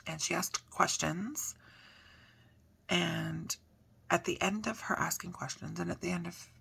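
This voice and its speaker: A woman's voice: on the low side, measured pace, vocal fry, pushed and bright, breathy edge. A woman in her thirties, a mother telling a personal story in a chatty, earnest vlog, with many fillers. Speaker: mother documenting a diet change.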